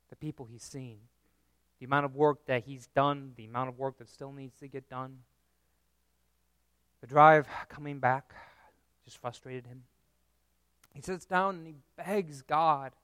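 A man preaching a sermon in an earnest, measured way, with dramatic pauses. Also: medium pitch, fairly bright tone, clean tone, no room sound.

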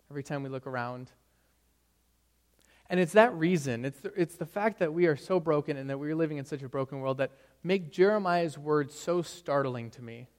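A young male pastor delivers a sermon with a slightly high voice, talking easily and telling stories as if chatting with the congregation. His words ring out with a long reverb, as in a church sanctuary. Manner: storytelling, conversational with frequent "right?" asides.

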